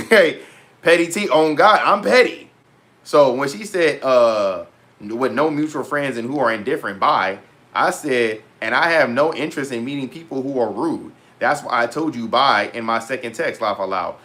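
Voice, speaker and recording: A young man vlogging in a casual, animated rant to his viewers, full of slang and repeated asides. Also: medium pitch, moderate pace. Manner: animated, heavy slang, repeats "bro" and "petty". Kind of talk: casual storytelling rant to camera.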